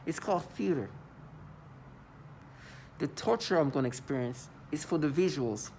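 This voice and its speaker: A man's voice: on the high side, lively intonation, normal speed, darkish tone, a little hiss or hum. A man talking to the camera in an agitated monologue, often stammering and repeating words. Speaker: vlogger.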